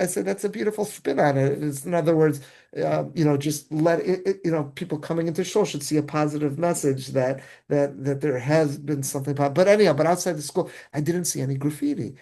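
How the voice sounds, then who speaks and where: Animated rabbi telling a rambling story. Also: male voice, a little high, gravelly. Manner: rambling storytelling with frequent restarts. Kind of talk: casual discussion.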